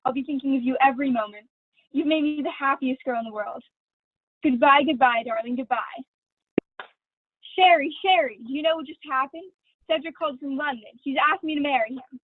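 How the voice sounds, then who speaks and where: A woman's voice: high voice, fairly quick, no echo, natural voice. A young woman acting a vain, gushing glamorous stage actress in a school play read over a video call. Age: teens. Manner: theatrical, affected, honeyed. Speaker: student actor. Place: at home. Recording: dry, tinny video call audio.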